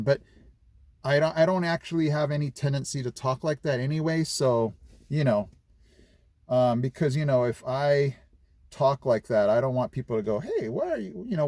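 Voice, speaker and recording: A man's voice: mid-range voice, darkish tone, dry recording. A middle-aged man from California chatting casually in a vlog, rambling with lots of fillers and restarts. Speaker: vlogger.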